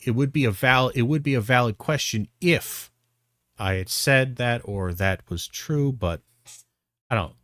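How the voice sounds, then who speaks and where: A man's voice: mid-range voice, a little slow, fairly bright tone, no room sound, clean studio sound. Blunt, profane man ranting. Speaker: commentary streamer. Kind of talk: reaction commentary.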